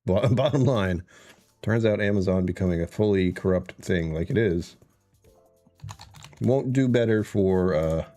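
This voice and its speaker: A man's voice: sits low, a little slow, long pauses, warm tone, faint music behind. A man hosting his own live stream in casual, rambling chat, chuckling often and greeting viewers by name from his home computer.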